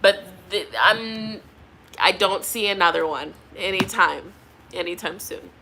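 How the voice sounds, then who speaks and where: Bright-voiced chatty woman tarot reader. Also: mid-range voice, measured pace, a little hiss or hum. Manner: chatty, laughs often, trails off with fillers. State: pregnant. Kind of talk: casual chat with viewers during a live tarot reading.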